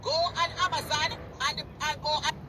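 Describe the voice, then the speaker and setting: High-voiced Jamaican woman ranting angrily. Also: little pitch movement, moderate pace, very noisy. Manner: cursing, heated, repetitive. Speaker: vlogger. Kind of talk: angry profane rant.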